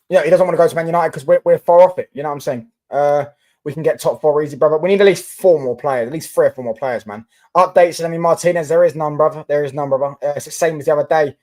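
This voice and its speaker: A man's voice: fairly high pitch, a little mellow. A young man live-streaming about football, chatting casually and answering viewer comments with lots of fillers and restarts.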